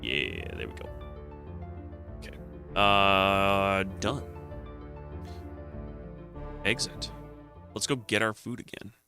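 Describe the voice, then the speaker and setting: A man talks to himself while he plays through a retro computer game on stream, in a low, gravelly voice with a bright, forward edge. Soft background music runs faintly under his casual commentary. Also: very animated, slow, long pauses. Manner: muttering to himself while playing. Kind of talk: casual let's-play commentary.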